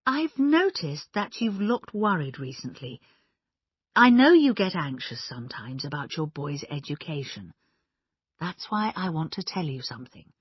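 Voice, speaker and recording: A woman voicing a calm older lady of the house. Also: fairly low pitch, breathy edge, no room sound, lo-fi sound, heavily acted.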